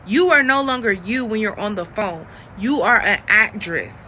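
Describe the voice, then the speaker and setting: A woman's voice: mid-range voice, expressive, normal speed, sharp tone, slight background noise. A woman from Florida talking in a chatty, blunt way, coaching her viewers in a casual vlog. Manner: chatty and blunt, laughs often. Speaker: online coach.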